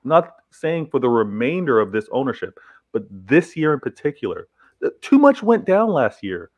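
A man's voice: medium pitch, big pitch swings, moderate pace, darkish tone. A man arguing his point in a casual football debate, repeating himself and laughing at times. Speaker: football pundit.

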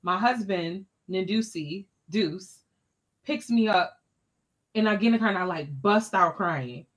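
Lady guest on a podcast, animated and expressive, talks super casual, mid pitch. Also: a little slow. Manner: animated, expressive, colloquial storyteller. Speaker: education scholar and interview guest. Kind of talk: personal storytelling in a podcast interview.

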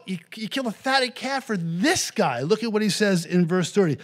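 A man preaching a sermon as pastor, animated, dropping to hushed asides and rising to loud outbursts as he acts out the story. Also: high voice, normal speed. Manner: animated preaching, voicing the angry older brother in bursts; swings between hushed asides and loud exclamations.

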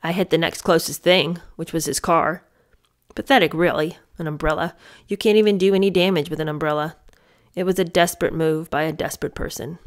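A woman's voice: brisk, lightly acted. A woman reading as a grieving young woman. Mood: subdued. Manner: lower and quieter than her own talk, subdued. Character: grieving young woman recalling a painful memory. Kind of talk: reading a memoir passage aloud.

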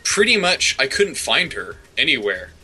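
A man's voice: mid-range voice, big pitch swings, moderate pace, sharp tone, soft background music, poor audio. A young man co-hosting a podcast, telling a rambling personal story with many fillers and restarts. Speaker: co-host. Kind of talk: casual chat.

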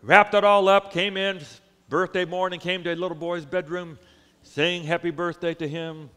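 A man's voice: high voice, flat delivery, moderate pace, fairly bright tone, clear, resonant tone, big-room sound. A male pastor preaching a sermon, telling a story animatedly and acting out the characters.

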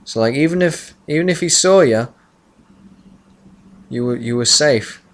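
A man's voice: mid-range voice, lively intonation, a little slow. Rambling young gameplay commentator man. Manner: chatty, rambling, mutters when concentrating. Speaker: let's play commentator.

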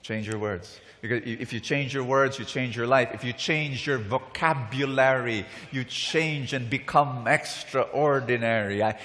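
Preacher, bright voice, slow delivery, reverberant hall. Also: male voice, mid-range voice. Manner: emphatic and repetitive, calls for responses from the crowd. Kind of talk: sermon.

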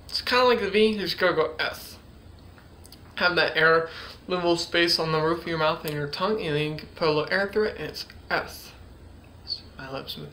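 A man's voice: a little high, sharp tone, slight background noise. A man casually teaching ventriloquism, hesitant and full of fillers as he demonstrates letter sounds. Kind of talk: casual tutorial.

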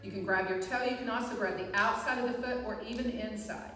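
A woman instructor guiding a live chair yoga class, with calm, encouraging cues and frequent reminders to breathe. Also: fairly high pitch, quick pace, recorded from a distance. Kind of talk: live guided fitness class. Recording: echoey hall, voice from afar.

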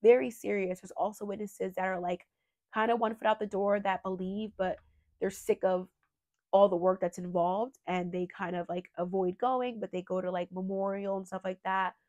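A woman's voice: mid-range voice, fairly even intonation, normal speed, darkish tone, dry recording, studio quality. A young woman with a cold, sounding nasal, hosting a true crime channel and rambling in a heartfelt, filler-heavy way. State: sick with a cold. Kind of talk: casual emotional monologue.

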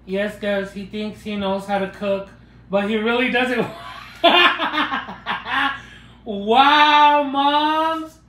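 A man's voice: high voice, fairly even intonation, a little slow, a bit bright, reverberant, slight background noise. A man hosting a live cooking stream, chatting with viewers in a joking, playful way as he cooks in a home kitchen. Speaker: cooking livestream host. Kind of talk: casual live cooking chat.

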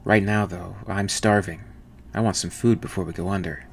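A man with a low voice voicing a dazed, starving male spaceship crewman in an audiobook-style reading. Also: fairly even intonation, moderate pace, creaky, a little hiss or hum. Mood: puzzled hungry.

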